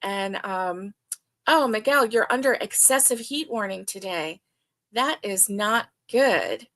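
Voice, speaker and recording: An older woman runs a laid-back livestream chat, animated but slow in her mid-range voice. She reads comments from her audience aloud and chats warmly, leaning heavily on fillers.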